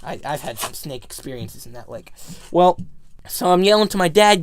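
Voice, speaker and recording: A man dramatically telling a near-death story in casual chat, excitable and stumbling over his words. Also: on the high side, moderate pace, no echo, clean studio sound. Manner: dramatic, excitable, frequent restarts.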